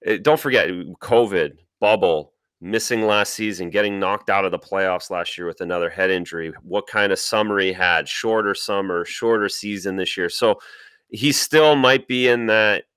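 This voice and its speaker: Deep, resonant man talking hockey. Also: moderate pace, fairly bright tone, smooth, dry recording, studio quality. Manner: stammers and restarts, repeats words. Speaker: podcast co-host, former player. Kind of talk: casual sports talk.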